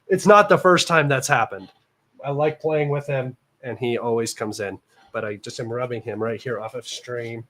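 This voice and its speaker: A man's voice: medium pitch, a bit bright. Young man, American, casual livestream chat, rambling with fillers, a bit nasal, home room. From United States. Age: young adult. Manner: rambling, chatty, many fillers and restarts. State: slightly nasal from allergies. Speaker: livestream host.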